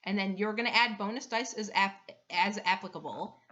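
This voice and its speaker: A woman's voice: mid-range voice, moderate pace, bright, forceful tone. A woman running a tabletop game as game master, chatty and giggly, explaining the rules step by step. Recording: dull lo-fi recording.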